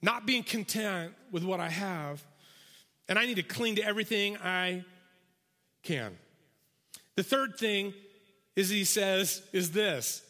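A man preaching a sermon, telling a parable with animated storytelling and acting out the characters' voices. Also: sits high, slow, long pauses. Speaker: pastor. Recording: long reverb of a large hall.

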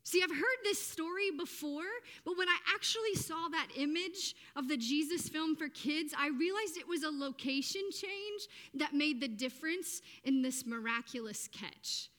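A woman preaching a sermon in a lively, conversational way, often asking her listeners questions. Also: sits high, normal speed, hardly any pauses, long reverb tail.

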